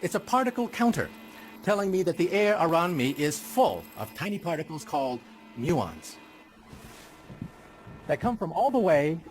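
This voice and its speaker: A man's voice: sits high, big pitch swings, fairly quick. An older man presenting a science documentary in a dramatic, emphatic scripted narration. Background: background music.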